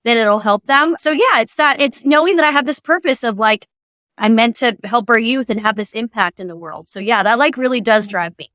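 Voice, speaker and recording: Bubbly high-voiced woman guest. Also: a little fast, dry recording, studio quality. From Southern California. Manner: animated storyteller, acts out quotes. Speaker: podcast guest. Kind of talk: casual chat.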